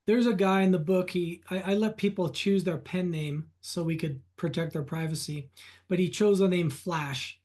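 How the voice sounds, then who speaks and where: A man being interviewed on a podcast as a reverse mortgage specialist, telling client stories in an animated way. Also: high voice. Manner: animated anecdotes, retelling client conversations.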